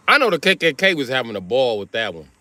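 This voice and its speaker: A man hosting a livestream, riffing through a crude comedic monologue and jumping into high put-on voices for quotes. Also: big pitch swings, fast talker, pushed and bright, dry recording. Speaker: livestream host.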